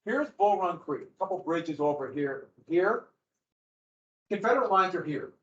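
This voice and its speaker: A male history teacher lecturing in a loose, chatty way, tossing in wry asides. His voice sits a bit high for a man. The sound is dull and lo-fi in an echoey room. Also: expressive, normal speed.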